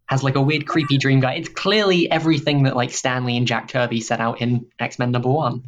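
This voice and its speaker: A man's voice: medium pitch, steady tone, brisk, lo-fi sound. A man co-hosting a podcast in casual chat over a remote call, making dry, wry remarks.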